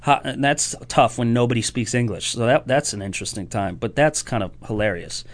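A man's voice: medium pitch, brisk. A man telling comedy stories in casual chat, acting out voices and laughing often. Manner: animated storyteller acting out quotes, laughs often. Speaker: stand-up comedian guest.

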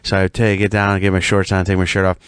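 A man's voice: deep voice, fast, smooth, dry recording, studio quality. A man from Rochester, a comedian guest on a casual chat show, telling rambling stories full of restarts. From Rochester, New York. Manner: rambling, animated storyteller with many restarts.

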